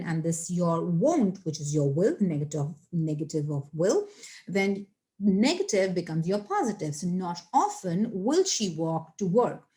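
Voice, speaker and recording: A woman presenting an online English grammar lesson, explaining with lots of fillers and checks for understanding. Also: on the low side. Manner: lively teaching voice with frequent fillers. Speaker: English teacher.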